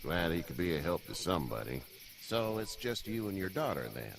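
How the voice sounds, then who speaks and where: A calm older Southern farmer in a video game, deep gravelly voice swinging widely in pitch. He talks plainly and steadily, with faint outdoor game ambience under him. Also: fairly quick, slight background noise, heavily acted.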